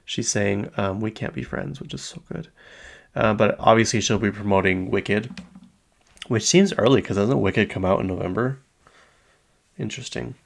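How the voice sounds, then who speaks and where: A young man in his late twenties hosts a solo pop-culture chat, rambling and chatty with plenty of fillers. His voice sits low with a gravelly, fry-heavy edge. He talks loosely and unscripted, as if thinking aloud. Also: moderate pace, pauses often. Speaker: podcast host.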